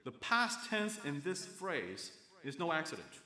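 A man delivers a sermon in an earnest, steady way, leaning into his points as he builds them. His voice sits a touch higher than most men's. The sound carries the ring of an echoey church hall. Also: moderate pace. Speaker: pastor.

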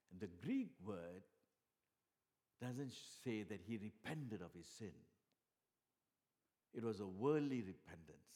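A man preaching a sermon, earnest, with many fillers and restarts, dropping soft and then rising loud for emphasis. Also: lowish voice.

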